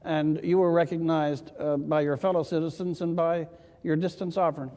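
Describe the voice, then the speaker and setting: A man moderates a panel with a wry, theatrical turn of phrase. His voice sits fairly high but sounds mellow and dark. The sound rings with the long reverb of a large hall. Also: level tone, normal speed.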